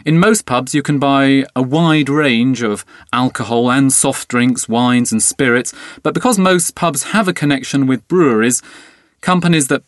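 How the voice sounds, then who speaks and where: A man, a studio guest, giving a steady scripted explanation for language learners. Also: medium pitch, moderate pace, dry recording.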